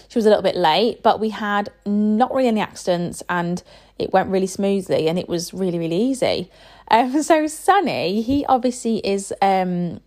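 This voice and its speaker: A woman's voice: medium pitch, darkish tone. Woman, 30s, parent, casual rambling chat, lots of fillers. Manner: chatty, rambling, with frequent fillers.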